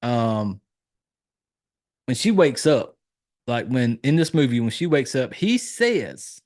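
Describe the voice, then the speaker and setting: A man's voice: mid-range voice, sing-song, slow pace, long pauses, darkish tone. A married man hosting a horror movie podcast, recapping scenes in casual chat and acting out the characters' lines in a raised voice. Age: adult, married. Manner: loose, profane storytelling, acting out lines in a raised voice. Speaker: podcast host reviewing a horror film.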